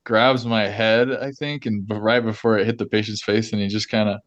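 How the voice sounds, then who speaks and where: A man's voice: on the low side, flat delivery, fairly quick, dry recording, highs cut off. A man hosting a podcast, telling a story in a chatty, loose way with lots of fillers and laughs. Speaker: podcast host. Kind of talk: casual chat.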